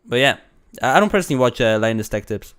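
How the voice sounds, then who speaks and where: Stuffy-nosed male streamer, rambling live commentary, smooth resonant voice. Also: mid-range voice, animated, fast, a bit bright. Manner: rambling, many restarts and laughs. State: a bit congested from a cold. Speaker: streamer reacting to videos.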